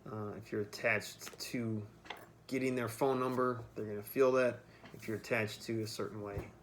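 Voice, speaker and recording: This vlogger speaks in a mid-range voice over slight background noise. He rambles through a freewheeling monologue to camera, cursing casually as he goes.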